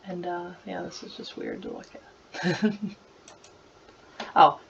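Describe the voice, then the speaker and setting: Giggly, rambling woman with a lowish voice. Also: wildly swooping pitch, slow pace, vocal fry, distant mic, slight background noise. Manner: chatty and giggly, rambling with many "like" fillers. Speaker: creator revisiting her childhood slideshows. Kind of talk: casual screen-recording commentary. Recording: slightly muffled lo-fi recording.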